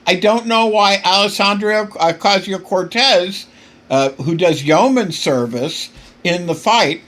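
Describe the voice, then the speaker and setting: Hosting a political podcast, this man has a high-pitched, slightly bright voice and takes his time. He delivers emphatic, impassioned commentary that repeatedly gets worked up, full of stumbles and repeated words.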